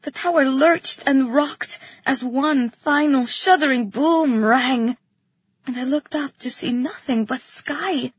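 Breathy high-voiced woman narrating a story. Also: no echo. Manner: expressive, dramatic storytelling. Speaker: audiobook narrator. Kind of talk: first-person fantasy audiobook narration. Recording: dull lo-fi recording.

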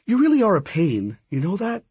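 A man voicing a feisty, sharp-tongued shapeshifter girl with a raised, sassy voice. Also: sits high, wildly swooping pitch, fairly quick, husky, no echo, voice pushed up, full character voice. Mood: teasing. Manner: sassy, exasperated.

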